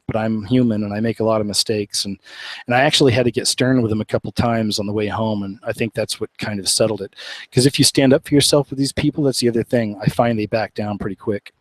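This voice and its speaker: A man's voice: on the low side, steady tone, fast talker, no room sound, rough recording. A man from Oklahoma, hosting a live show in a casual, rambling, earnest way and laughing often. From Oklahoma, USA. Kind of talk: casual live-stream chat.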